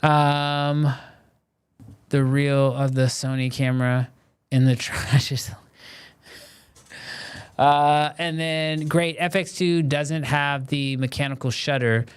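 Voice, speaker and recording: A man hosting a live stream, chatting casually with viewers and answering their questions in a relaxed, conversational way full of "um" and "like". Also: fairly high pitch, slow, pauses often, clean tone. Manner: relaxed and conversational, many fillers like "um" and "like".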